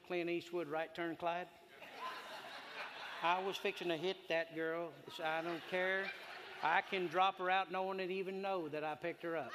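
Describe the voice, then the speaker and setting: A man, preaching a sermon in a folksy, storytelling way that swings from loud to hushed. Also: sits high, background noise. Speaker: pastor. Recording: echoey hall.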